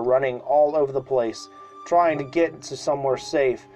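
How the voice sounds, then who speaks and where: A man reads a children's story aloud for a podcast at medium pitch and normal speed, with soft music behind him and a low-quality recording. His reading is unpolished and homemade, with small restarts and loud, shouted cries for the characters.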